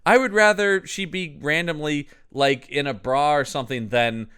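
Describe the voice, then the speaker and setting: A man co-hosting a podcast, talking casually and lively about a bad movie, swearing and laughing as he goes. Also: fairly high pitch, normal speed, clean tone. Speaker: podcast co-host. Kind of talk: casual movie-review chat.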